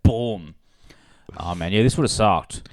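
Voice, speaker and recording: A young man with an Australian accent co-hosting a podcast, telling animated, sweary stories and bantering casually. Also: fairly low pitch, slow, no echo, studio quality. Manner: animated, swearing storyteller who slips into exaggerated voices. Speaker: podcast co-host.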